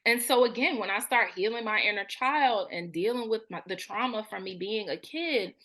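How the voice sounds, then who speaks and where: A woman's voice: mid-range voice, moderate pace, fairly bright tone. A woman in her thirties, a therapist and spiritual coach, telling her story in a frank, colloquial way and animating the thoughts she quotes. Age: 30s. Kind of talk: candid personal storytelling.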